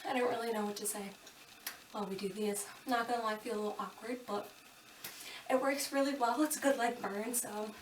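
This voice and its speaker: A woman's voice: fairly high pitch, steady tone, brisk, slight background noise. A woman fitness instructor giving upbeat, chatty coaching cues during a home kickboxing workout, a bit out of breath. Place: home room. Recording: echoey room from a distance.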